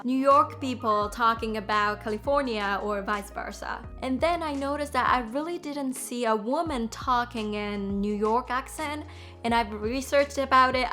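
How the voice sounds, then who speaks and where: A young Japanese woman with a clear Japanese accent talks to camera in a quick, cheerful vlog manner. Her voice sits a touch high, with soft music playing faintly behind her. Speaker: YouTube host, graduate student. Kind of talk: casual vlog talk.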